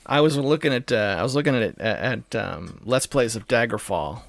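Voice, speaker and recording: A man co-hosting a podcast, telling a story in a halting, casual way. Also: mid-range voice, lively intonation, vocal fry, no echo. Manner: halting, full of restarts. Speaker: podcast co-host. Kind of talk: casual chat.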